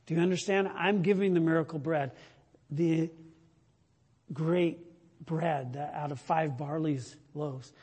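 Man preaching slow, husky and kinda high-pitched, swings from loud to hushed, long echo off the hall. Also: steady tone. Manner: slow, emphatic preaching that swells loud then drops to a hush. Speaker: pastor. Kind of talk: sermon.

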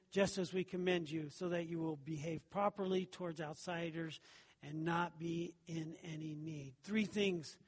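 A man's voice: a little high, husky, big-room sound. A man preaching a sermon as pastor, talking it through with the congregation and asking rhetorical questions.

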